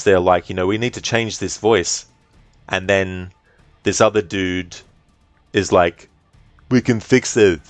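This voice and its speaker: Low-voiced man chatting on a game stream. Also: no room sound. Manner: relaxed, chatty, reads chat aloud, swears, laughs often. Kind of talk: casual live-stream chat.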